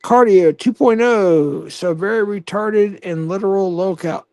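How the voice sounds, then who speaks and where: A man's voice: sits high, measured pace, few pauses, a little mellow, no echo. A man hosting a casual livestream, reading chat comments aloud with profane, mocking banter. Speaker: livestream host.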